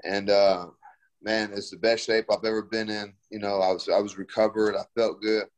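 Chill young fighter guy, kinda low voice, lots of um and you know. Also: little pitch movement, normal speed. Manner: laid-back, filler-heavy, slangy. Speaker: fighter being interviewed. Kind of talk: casual interview answers.

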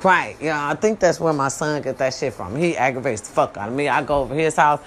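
A middle-aged woman hosting her own podcast, talking bluntly and profanely straight to her listeners, swinging from loud scolding to low warnings. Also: lively intonation, brisk, a little hiss or hum. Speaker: podcast host. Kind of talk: casual monologue podcast.

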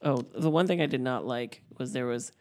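A woman with a very low voice adds dry, wry jokes to a casual movie chat on a podcast. She keeps her remarks short and deadpan. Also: fairly quick. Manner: wry, dry-humored asides. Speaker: podcast co-host.

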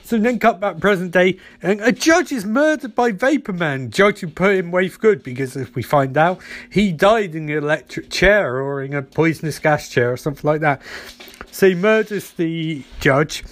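Sarcastic high-voiced man recapping a show. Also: expressive, normal speed. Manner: sarcastic, doing silly voices for characters. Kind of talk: comedic episode recap.

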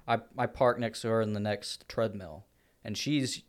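A man's voice: fairly low pitch, steady tone, moderate pace. Laid-back man chiming in on a podcast. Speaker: podcast co-host. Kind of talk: casual chat.

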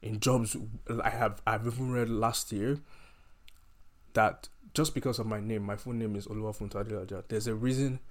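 A man's voice: lowish voice, fairly even intonation, moderate pace. A man delivering an impassioned, heated rant to his audience, emphatic and often repeating and restarting his phrases.

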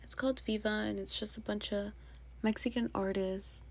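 A woman's voice: medium pitch, fairly even intonation, a little slow, creaky, no echo. A young woman hosting a casual solo podcast, rambling and chatty with plenty of asides. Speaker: podcast host.

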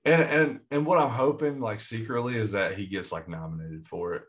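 A man co-hosting a movie podcast in casual chat, excitable and rambling with frequent restarts. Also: lowish voice, fairly quick. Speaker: podcast co-host.

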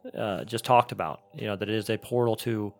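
A man's voice: on the low side, fairly even intonation, fast talker, creaky. A middle-aged man co-hosting a podcast, chatting casually and rambling with frequent restarts. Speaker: podcast co-host.

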